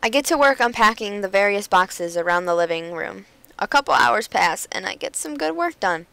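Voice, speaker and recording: A woman's voice: medium pitch, animated, normal speed, gravelly, a bit bright, clear, resonant tone, dry recording, poor audio. A woman playing a dating game on stream, reading the text aloud and making jokey, dramatic asides with plenty of laughs. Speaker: gamer. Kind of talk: let's play commentary and reading.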